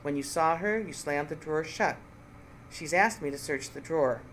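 A reader voicing a cautious, sympathetic male police lieutenant who speaks in a measured way. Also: medium pitch, slight background noise, lightly acted, low-quality recording. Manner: measured, quiet and apologetic.

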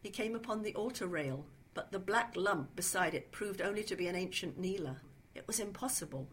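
A woman reads a suspense story in a hushed, steady way. Her voice sits in the middle range. A faint hiss runs underneath. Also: medium pitch, fairly quick. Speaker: story reader. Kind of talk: dramatic story reading.

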